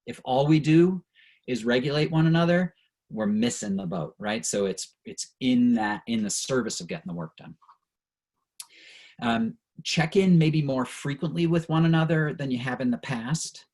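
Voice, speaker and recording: A middle-aged man runs a staff training over a video call, speaking in an earnest, reflective way that at times turns openly emotional. His voice is husky and breathy, sitting at an ordinary pitch for a man. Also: expressive, normal speed, darkish tone, poor audio. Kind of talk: online training talk.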